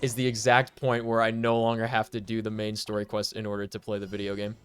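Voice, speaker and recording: A man's voice: lowish voice, monotone, fairly bright tone, clear, resonant tone. A man streaming a video game, commenting casually with joking, profane asides. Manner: joking, profane, slow and drawn out.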